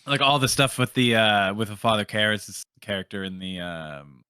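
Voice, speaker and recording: A man co-hosting a film podcast, talking casually in a halting way, often searching for words. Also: on the low side, bright, forceful tone, clean tone, no room sound, studio quality. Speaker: podcast co-host.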